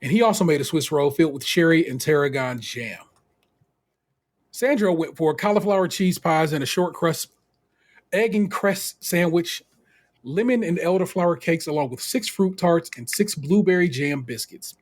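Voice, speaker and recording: A man from the United States co-hosting a podcast. He recaps a TV show in a casual, animated, slangy way and laughs often. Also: on the high side, normal speed. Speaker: podcast co-host.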